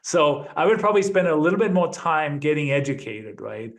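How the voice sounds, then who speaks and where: A man being interviewed as an investor, relaxed and reflective, often tagging his points with a quick question. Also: fairly high pitch. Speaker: guest, apartment investor. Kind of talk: conversational interview.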